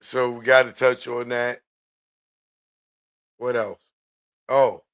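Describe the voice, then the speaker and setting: A man hosting a casual live-stream, talking in a relaxed, slangy way and hyping up his viewers. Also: medium pitch, clear, resonant tone. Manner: laid-back, hypes viewers, drawn-out street slang. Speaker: live show host.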